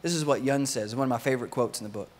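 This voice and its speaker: A man preaching a sermon to his congregation, telling a story with lively energy and sometimes acting out the voices of its characters. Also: medium pitch, very fast, a little hiss or hum. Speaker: pastor.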